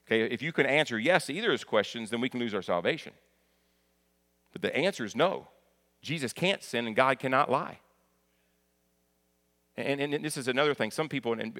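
A male pastor preaches a sermon in an earnest voice of medium pitch. He repeats key phrases for emphasis and sometimes restarts words. His voice rings with the long reverb of a hall. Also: lively intonation, fast, a bit bright.

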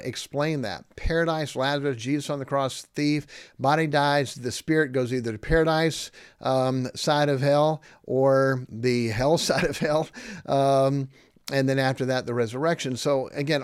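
A man's voice: medium pitch, smooth, dry recording. Man, podcast host, Bible teaching, emphatic, rhetorical questions, dry close sound. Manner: emphatic, repeats questions and answers them; reads scripture aloud in King James wording.

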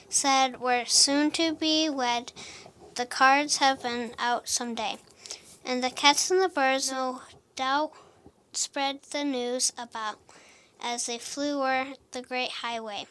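A woman's voice: high-pitched, steady tone, slow pace, fairly bright tone. A woman reading a rhyming children's story aloud in a sing-song, rhythmic way.

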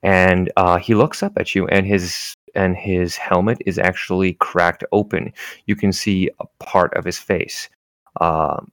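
A man narrating a tabletop game as game master, describing scenes in an unhurried way with many fillers. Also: low-pitched, fairly even intonation, a bit bright, no echo. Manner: unhurried, descriptive, full of fillers like "you know".

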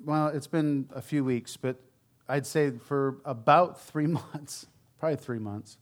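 A man delivers a sermon, recounting the story candidly and conversationally with frank asides. He alternates between loud emphasis and quiet, low remarks, keeping a fairly even intonation and an unhurried pace.

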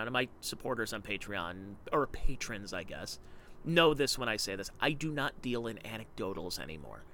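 A man's voice: medium pitch, pushed and bright, slight background noise. A man giving sarcastic, ranting opinion commentary.

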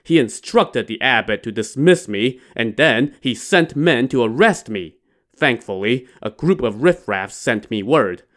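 A male storyteller casually retelling an old adventure tale at a mid pitch. He moves the plot along briskly and breaks in with wry, irreverent asides. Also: animated, a bit bright. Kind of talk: casual retelling of a classic novel.

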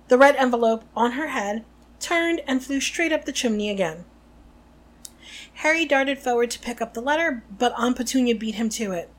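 Woman podcast host reading a book out loud, expressive, slightly high voice. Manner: expressive read-aloud narration. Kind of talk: reading a novel aloud and chatting.

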